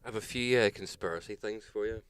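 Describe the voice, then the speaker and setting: A man's voice: on the low side, fast, clear, resonant tone. A man co-hosting a podcast, telling stories in casual chat with lots of swearing and laughter. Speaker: podcast co-host.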